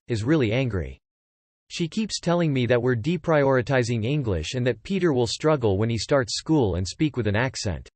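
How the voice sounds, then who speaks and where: A man's voice: mid-range voice, no room sound. Man narrating in a dry, close voice. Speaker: narrator reading forum posts. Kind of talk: scripted narration.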